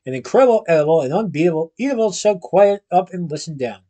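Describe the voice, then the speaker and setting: A man doing an eccentric, grand storybook chocolatier who pitches his sweets with theatrical flourish. The voice sits a little high and carries a husky edge. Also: expressive, fast talker, mellow. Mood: proclaiming. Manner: theatrical sales patter. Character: eccentric showman male chocolatier, grand and playful.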